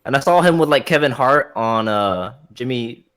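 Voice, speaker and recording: A man's voice: medium pitch, animated, moderate pace, a bit bright, clear, resonant tone. A young man co-hosting a podcast, rambling playfully with lots of filler words in casual chat. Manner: rambling with many "like" fillers, playful what-ifs. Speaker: podcast co-host.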